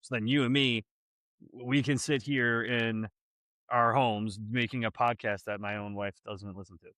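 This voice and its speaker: A man's voice: medium pitch, fairly even intonation, unhurried, a bit bright, clean tone, no echo. Chill guy cohosting a podcast, mid voice, laughs along, dry sound. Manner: laid-back, laughs along. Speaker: podcast co-host. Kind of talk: casual chat.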